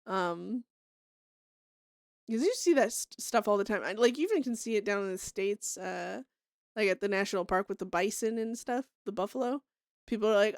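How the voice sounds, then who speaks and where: A woman's voice: mid-range voice, animated, normal speed, no room sound, studio quality. A young woman from Canada chatting casually with her stream viewers, laughing often and swearing freely.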